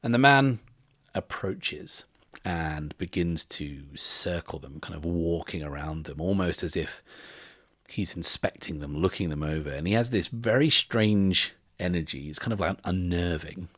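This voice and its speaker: A man hosting a podcast and narrating a solo tabletop game in a relaxed, descriptive way. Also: sits low, measured pace, dry recording, clean studio sound. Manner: relaxed, descriptive, uses fillers. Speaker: host and game master.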